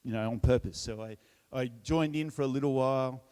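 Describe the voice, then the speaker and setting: A middle-aged Australian man speaking at church, telling a personal testimony in a relaxed storytelling way, with self-deprecating humor and frequent restarts. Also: medium pitch, fairly quick, clean tone.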